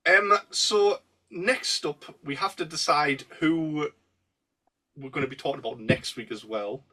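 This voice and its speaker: A man's voice: fairly high pitch, a little slow, bright, forceful tone, distant mic. A man hosting a casual fan podcast, steering the talk and laughing easily. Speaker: podcast host.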